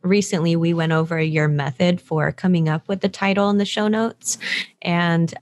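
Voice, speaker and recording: Low-voiced, calm woman podcast co-host. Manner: calm, reflective, measured. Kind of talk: casual podcast chat.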